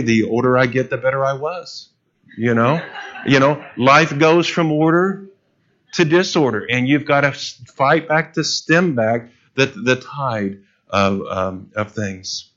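A man's voice: medium pitch, fairly bright tone, lo-fi sound. A man preaching a sermon as pastor, earnest, with frequent restarts and fillers.

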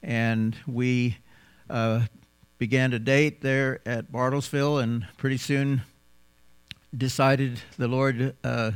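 A man with an American accent, raised in South Africa, giving a folksy, unhurried mission talk to a church congregation with frequent pauses. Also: mid-range voice, flat delivery, clear, resonant tone, dry recording. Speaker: missionary guest speaker.

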